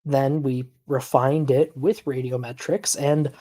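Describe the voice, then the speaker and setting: A man hosting a casual reaction stream, calmly explaining science points to his audience. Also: medium pitch, takes it slowly. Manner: relaxed, explanatory, sighs and laughs at the clip. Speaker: stream host.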